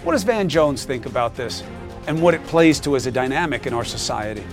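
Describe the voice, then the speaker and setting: A medium-pitched man with lively intonation hosts a news show at a slightly fast pace, with music in the background. He introduces stories and guests emphatically and conversationally, in a mix of news commentary and interview.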